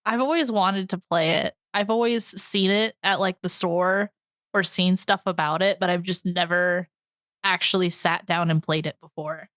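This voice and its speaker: A young podcast host talking casually in a bubbly, giggly way. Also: female voice, lowish voice, fairly even intonation, normal speed, fairly bright tone, dry recording, clean studio sound. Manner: bubbly, laughs often.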